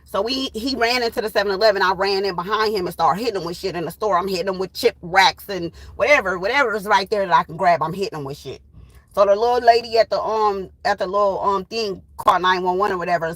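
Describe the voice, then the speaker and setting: A woman's voice: mid-range voice, fairly bright tone, no room sound, poor audio. Blunt, profane woman telling a story. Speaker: tarot channel host. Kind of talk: casual storytime.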